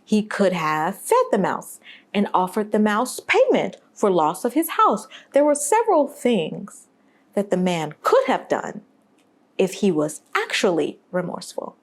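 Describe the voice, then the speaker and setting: A woman's voice: mid-range voice, wildly swooping pitch, measured pace. A woman delivering a video essay in an emphatic, sarcastic way, full of rhetorical questions. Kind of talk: animated video essay commentary.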